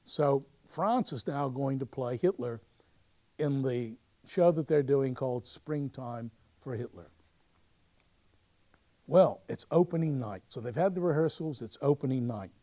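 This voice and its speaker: Over footage of past shows, a man who chronicles his local theatre society talks in a medium pitch. His narration stumbles along with fillers and false starts, growing animated whenever a story comes up.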